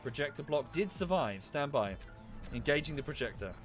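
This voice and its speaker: A man's voice: a little high, animated, normal speed, faint music behind. A man with an Estuary English accent chatting casually while playing a game, thanking viewers by name and thinking aloud. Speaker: streamer. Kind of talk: casual gameplay commentary.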